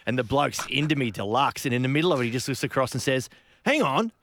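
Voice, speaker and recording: A man's voice: medium pitch, steady tone, rapid-fire, background noise. A man in a casual chat, telling a story and laughing through it. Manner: anecdotal, laughing.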